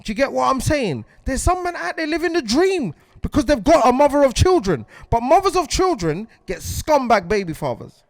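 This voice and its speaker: A man's voice: extremely high pitch, big pitch swings, normal speed, vocal fry, dry recording. Heated man on a podcast. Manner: heated, repetitive, asks "do you get what I'm saying". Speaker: podcast host. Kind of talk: impassioned podcast monologue.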